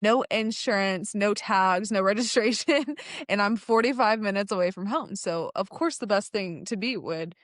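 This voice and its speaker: Young adult woman, casual storyteller, animated, laughs often, acts out quoted lines, middle pitch, dry close sound. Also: moderate pace, no room sound. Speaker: guest telling her car story.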